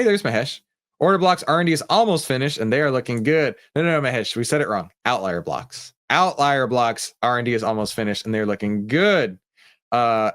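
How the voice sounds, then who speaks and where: A man's voice: medium pitch, a bit bright. Male stream host, casual and joking, talks to chat as he trades. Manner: chatty, jokey, talks to chat viewers. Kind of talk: casual live trading commentary.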